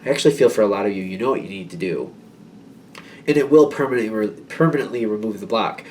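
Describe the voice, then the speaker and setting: A man's voice: on the low side, animated, fast, darkish tone, distant mic, a little hiss or hum. A man giving a casual tarot reading to his viewers, rambling and reassuring, with many fillers and restarts. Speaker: tarot reader.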